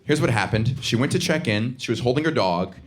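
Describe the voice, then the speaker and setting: A man from the Southern US performing a stand-up comedy set on a theater stage, with a sardonic, punchy delivery and sudden high-pitched outbursts. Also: animated, a little fast. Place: theater stage before a live audience. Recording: live stage recording with audience noise.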